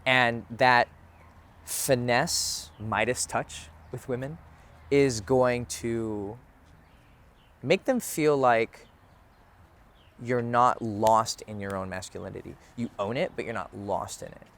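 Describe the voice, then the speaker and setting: A man's voice: mid-range voice, steady tone, takes it slowly, a bit bright, slight background noise. A young man, a dating coach, talking candidly to camera outdoors in a casual, conversational way, swearing freely. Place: outdoors near a bench.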